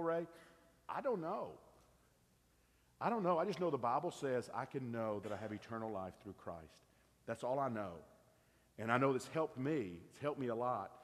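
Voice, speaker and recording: A man's voice: medium pitch, in a large hall. A middle-aged man, preaching an earnest, conversational sermon and asking his congregation questions. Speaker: pastor. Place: church sanctuary.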